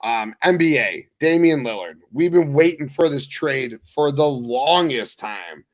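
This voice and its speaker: A young man hosting a sports podcast, talking loosely and excitedly, with swearing. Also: medium pitch, unhurried. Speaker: podcast host. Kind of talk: casual sports talk.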